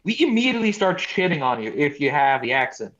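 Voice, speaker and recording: A man's voice: on the high side, big pitch swings, quick pace, fairly bright tone, muffled recording. A man from Norway with a Norwegian accent, chatting casually on a podcast, blunt and swearing freely. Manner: profane, blunt, joking. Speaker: podcast co-host. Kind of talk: casual chat.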